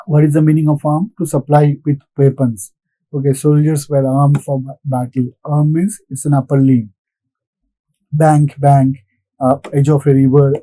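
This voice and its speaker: A man's voice: medium pitch, dark tone, slightly rough, no room sound, rough recording. A man giving a recorded lesson, patiently repeating points and answering his own questions. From India. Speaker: English lecturer. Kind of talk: recorded classroom lecture.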